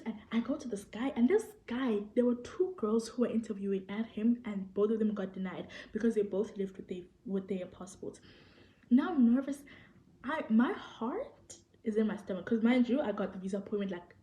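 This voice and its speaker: A young South African woman with a South African accent, telling a story to the camera in an animated, excitable way and acting out what people said. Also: fairly high pitch, fairly quick. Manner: animated, excitable storytelling, acts out quoted people, repeats phrases. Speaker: vlogger. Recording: echoey room.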